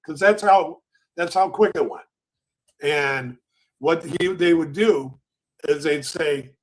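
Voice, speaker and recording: A man's voice: a little high, takes it slowly, pauses often. An older man hosting a trading show, telling loose, rambling stories and acting out the quotes of floor traders. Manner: rambling, acts out pit quotes. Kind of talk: casual storytelling.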